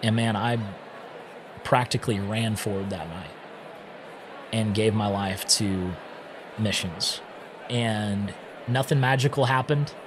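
A man who is a podcast guest, telling his own story in a casual, animated way and often acting out what he once said. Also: lowish voice, slow pace, pauses often, background noise.

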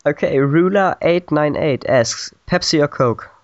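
A man's voice: fairly high pitch, expressive, measured pace, no echo. A man hosting an interview, reading out fan questions and laughing along. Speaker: interviewer, host. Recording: dull, muffled lo-fi online call.

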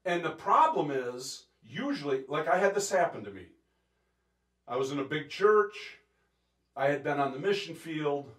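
A man preaching a sermon as pastor, intense and animated, acting out quotes and laughing between points. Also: a little high, moderate pace, roomy sound. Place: church sanctuary.

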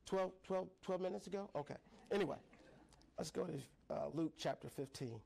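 High-voiced playful male preacher. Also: moderate pace, vocal fry, a little mellow. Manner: playful, call-and-response, laughing often. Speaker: pastor. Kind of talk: sermon. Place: church sanctuary.

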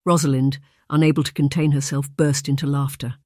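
An audiobook narrator reading a romance novel in a measured, even storytelling manner. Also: mid-range voice, dry recording, studio quality.

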